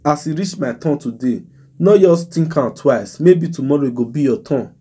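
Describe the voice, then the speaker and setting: A man's voice: on the high side, animated, normal speed, dark tone, breathy edge. A man with a Nigerian accent hosting a mock news show, giving casual, exasperated commentary full of rhetorical questions. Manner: exasperated, rhetorical, emphatic ranting.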